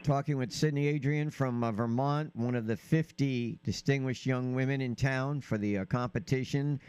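A man's voice: medium pitch, fairly even intonation, moderate pace, darkish tone, smooth, no echo. A man hosting a sports talk show, interviewing a guest in a chatty way, with filler uhs. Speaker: radio host.

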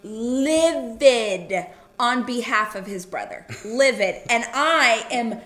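A woman co-hosting a casual chat, telling a family story in an animated way with quick asides. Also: on the high side, roomy sound. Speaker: podcast co-host.

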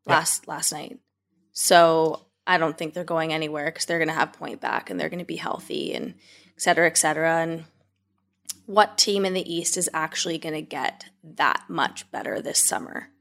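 A young woman from Canada talks sports on a podcast in a relaxed, chatty way. Her voice sits a little low for a woman. She laughs easily and scatters fillers as she goes. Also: normal speed. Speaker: podcast co-host. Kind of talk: casual sports chat.

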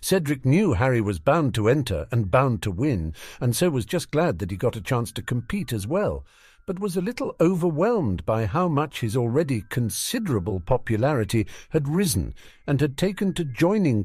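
A man narrating a fan fiction audiobook in an expressive, wry manner. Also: medium pitch, moderate pace, slightly rough, no room sound.

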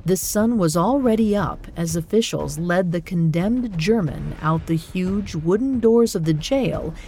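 A woman hosting a podcast, telling a grim history in measured, scripted narration. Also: lowish voice, dark tone, a little hiss or hum. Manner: measured, grave storytelling. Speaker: podcast host.

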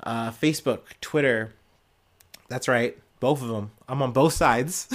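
A man's voice: mid-range voice, unhurried, fairly bright tone. A man hosting a casual solo news podcast, jokey and sarcastic, laughing often as he riffs. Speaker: podcast host.

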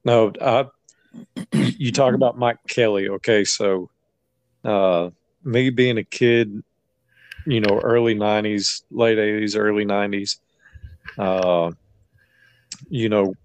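A man in his thirties hosting a casual sports podcast, talking in a slow, halting way as he reminisces. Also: on the low side, no echo. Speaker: podcast host.

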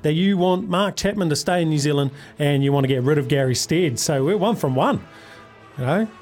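Energetic radio host. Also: male voice, fairly high pitch, brisk, soft background music. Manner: chummy, energetic, calls callers mate. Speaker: radio sports show host. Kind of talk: upbeat radio quiz with callers.

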